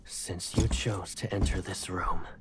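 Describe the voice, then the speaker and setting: Deep brooding wounded predator. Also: male voice, fairly even intonation, heavy background noise. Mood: menacing. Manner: quiet, slow, brooding. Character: brooding young man, wounded chained predator, menacing. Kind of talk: game character dialogue.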